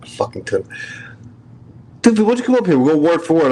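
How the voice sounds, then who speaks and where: A man's voice: a little high, sing-song, fairly quick, mellow, low-quality recording. A man with a strong New York accent, hosting a casual livestream chat, brash and profane as he jokes with his viewers. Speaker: livestream host.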